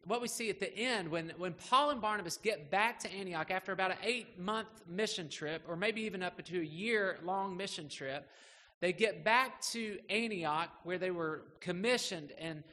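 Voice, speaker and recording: A middle-aged man preaches from the pulpit, his voice sitting a touch high and ringing bright. He talks in a loose, self-deprecating way, full of "uh"s and restarts. A long church echo trails each phrase over faint room hum. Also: normal speed. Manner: conversational, self-deprecating storytelling with many fillers. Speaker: pastor. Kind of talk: sermon. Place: church sanctuary. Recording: reverberant hall with faint background ambience.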